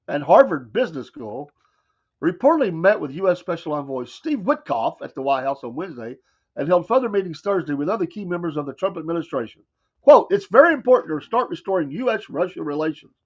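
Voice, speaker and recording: Southern guy doing a morning talk show monologue, kinda high voice, wry mocking asides. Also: very animated, brisk, slightly rough, highs cut off. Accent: Southern American. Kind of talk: casual talk radio monologue.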